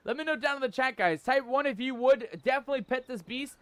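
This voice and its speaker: A man streaming a game live, joking in mock pirate talk, reading the game's text aloud and shouting out in surprise. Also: very high-pitched, fast, dry recording. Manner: laughs often, exclaims loudly.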